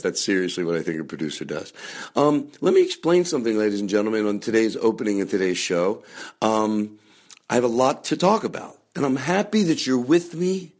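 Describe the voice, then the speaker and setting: A man hosting a comedy podcast, rambling through a chatty monologue with loud bursts of mock anger and frequent swearing. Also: on the low side. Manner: chatty, with many fillers and restarts. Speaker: podcast host.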